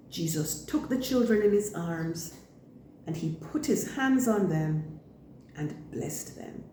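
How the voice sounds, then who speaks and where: A woman leading a church school lesson for children, speaking slowly and deliberately in simple words. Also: medium pitch, mellow, echoey room, slight background noise.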